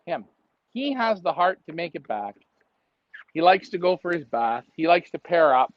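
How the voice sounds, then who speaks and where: A man's voice: fairly high pitch, sing-song, normal speed, no echo. A man co-hosting a casual live stream, rambling and joking and laughing often. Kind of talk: casual chat. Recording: dry, dull lo-fi stream audio.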